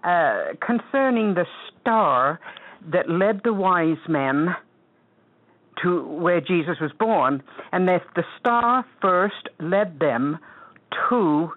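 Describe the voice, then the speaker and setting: A woman from Alaska calling in to a radio Bible show with a question, speaking in a halting, hesitant way. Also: fairly low pitch, animated. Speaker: caller. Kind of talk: phone-in question. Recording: tinny phone line.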